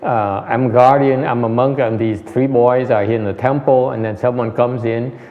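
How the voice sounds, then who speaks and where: A man's voice: mid-range voice, steady tone, normal speed. A man giving a conversational dharma lecture, repeating phrases and answering questions. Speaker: meditation teacher. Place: meditation hall. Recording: muffled hall recording.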